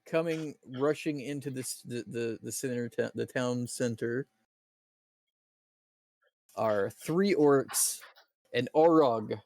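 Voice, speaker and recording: A man narrating as dungeon master of a tabletop game, descriptive and halting, with fillers and restarts. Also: medium pitch, a little mellow.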